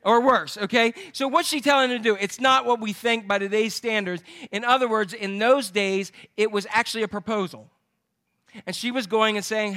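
Man, pastor, sermon, lively joking storyteller, high voice, bright tone. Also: a little fast. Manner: lively storytelling with jokes to the congregation.

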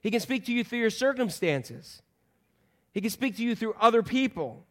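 A man in his fifties preaching a sermon as pastor, conversational and animated, acting out quoted voices. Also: very high-pitched, moderate pace.

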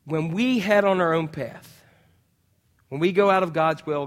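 A male pastor preaches a sermon through animated storytelling, acting out voices along the way at a measured pace. His voice sits high for a man, and the church hall gives it a long, lingering reverb.

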